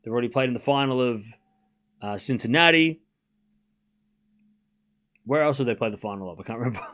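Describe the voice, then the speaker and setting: A man hosting a live tennis watchalong stream, chatting loosely to his viewers and then calling rallies shot by shot, rising in excitement on big points. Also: medium pitch. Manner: rambling chat to viewers, then rapid shot-by-shot calls that rise when points get tense. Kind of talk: live play-by-play watchalong commentary.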